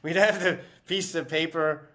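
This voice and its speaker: A man's voice: on the high side, steady tone, measured pace, fairly bright tone, slight background noise. A man being interviewed as an author, telling stories casually with many fillers and restarts.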